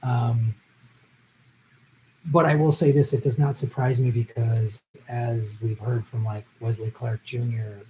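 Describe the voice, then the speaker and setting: A man's voice: medium pitch, fairly even intonation, dark tone, slight background noise, low-quality recording. Easygoing male live stream host. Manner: chatty, easygoing, quick to laugh. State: voice tiring after a long stream. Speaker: live stream host answering viewer questions. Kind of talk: casual live stream chat. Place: at home.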